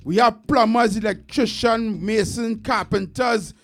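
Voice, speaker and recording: A Trinidadian man speaks slowly and earnestly, laying out his points one at a time in a fairly high voice. He sounds like he's hosting a community talk, with faint music under him. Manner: earnest, measured, lists points deliberately. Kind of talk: casual discussion.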